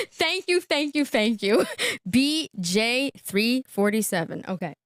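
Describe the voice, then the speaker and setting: A woman hosting a live reaction stream, chatty and quick to laugh, who keeps checking in with "okay?" as she comments. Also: on the high side, big pitch swings, fairly bright tone.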